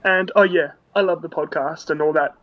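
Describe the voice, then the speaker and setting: A man's voice: a little high, steady tone, moderate pace, slight background noise. A man from Australia with an Australian accent, telling a cheeky, laid-back story in a casual voice note, recorded dull and lo-fi. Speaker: listener sending a voice note.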